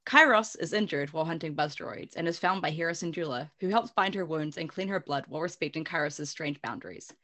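A woman's voice: deep voice, fairly quick, hardly any pauses, a bit bright. A woman podcast host casually recapping book chapters, giggly and swearing freely.

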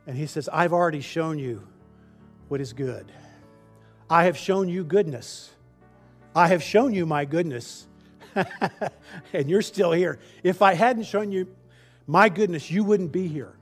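A man's voice: high-pitched, lively intonation, measured pace, pauses often, soft background music. A male preacher giving a conversational sermon, often restarting phrases and acting out quoted complaints. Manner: conversational, restarts phrases, acts out the people's whining in a raised voice.

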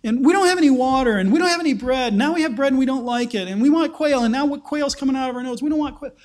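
Man doing a sing-song whiny grumbler voice, pitched up, complaining. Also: fast talker. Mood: whining. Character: whining crowd of grumbling wanderers, complaining.

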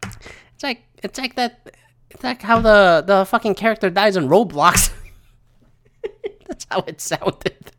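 A man's voice: sits high, lively intonation, slow, pauses often, a bit bright, a little hiss or hum. A man from Philadelphia hosting a solo podcast, ranting profanely and animatedly and laughing between thoughts. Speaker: podcast host.

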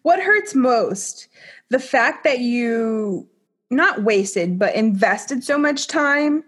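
A woman co-hosting a podcast, an animated storyteller who fills her talk with "like". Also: fairly high pitch, very slow, husky. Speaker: podcast co-host. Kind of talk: casual chat.

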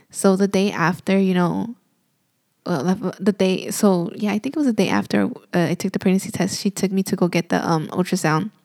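A woman's voice: medium pitch, darkish tone, no room sound, studio quality. A young woman and new mother telling a personal story in a casual, emotional way, full of "like" and "you know".

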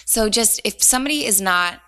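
A woman's voice: medium pitch, animated, fairly quick, bright, forceful tone. A woman co-hosting a casual podcast, giving earnest friendship advice and saying "like" often. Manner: earnest, says "like" a lot, laughs easily. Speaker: podcast co-host.

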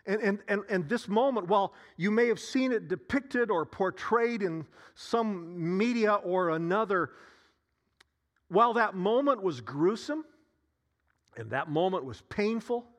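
A man preaching a sermon, repeating phrases with long dramatic pauses and sighs. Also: sits high, lively intonation. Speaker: pastor.

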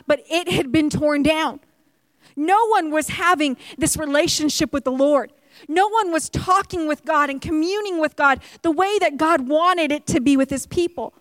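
A woman's voice: high voice, normal speed, dry recording. A woman pastor preaching a sermon, telling a story with humor and acting out quotes.

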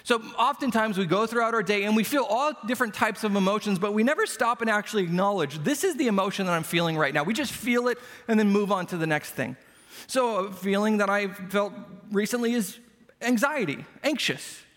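A man's voice: high-pitched, a little fast, a bit bright. A man preaching a sermon as pastor, conversational and self-deprecating, telling everyday stories to make his points. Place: church sanctuary. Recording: long church hall reverb.

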